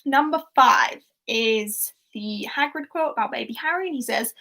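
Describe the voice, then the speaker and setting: Giggly high-voiced woman hosting a quiz. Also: moderate pace, vocal fry, hardly any pauses, bright, forceful tone, husky. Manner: chatty, giggly, reads out viewer answers. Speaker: quiz host. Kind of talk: casual livestream chat.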